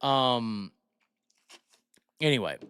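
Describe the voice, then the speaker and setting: A man's voice: medium pitch, lively intonation, extremely slow, a bit bright, smooth, no room sound, studio quality. A man hosting a casual live stream, rambling and incredulous, talking to viewers with many restarts. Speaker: livestream host.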